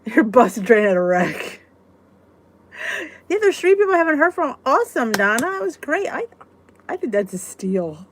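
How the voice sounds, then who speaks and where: A chatty woman hosts a live support stream, her voice bouncing up and down as she reads comments and vents. She sits a little high in pitch and talks casually with quick exclamations. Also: very animated, fairly bright tone. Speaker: host of a live weight-loss support chat.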